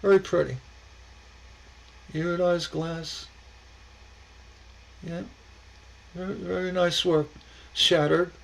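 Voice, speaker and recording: A man's voice: sits high, steady tone, slow, gravelly, pauses often, rough recording. A man hosting a casual stained glass livestream, rambling and chuckling as he reacts to viewers' posts, often stammering and repeating words.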